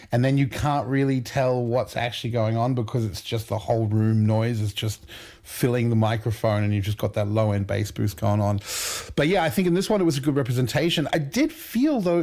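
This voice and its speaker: A man chats casually as the host of a livestream. He talks in a relaxed way and often backs up and restarts his sentences as he works out what he means. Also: medium pitch. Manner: relaxed, thinking aloud with restarts.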